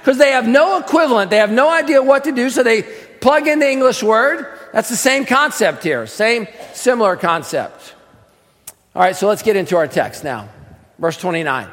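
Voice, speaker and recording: Man, pastor, sermon, very high voice, emphatic, rhetorical questions, long hall reverb. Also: expressive, normal speed, fairly bright tone. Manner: conversational teaching with rhetorical questions; emphatic, raises voice for stress.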